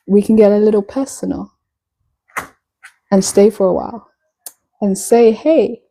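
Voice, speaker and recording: A woman from Nigeria chats with her live-stream viewers, playful and a little flirtatious. Her voice is warm and mellow at a middle pitch, easygoing and teasing as she answers comments. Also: measured pace, pauses often, poor audio. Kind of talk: casual live-stream chat.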